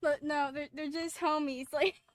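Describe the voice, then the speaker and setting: High-voiced woman streamer, giggly and loud, casual game commentary. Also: fairly even intonation, a little slow.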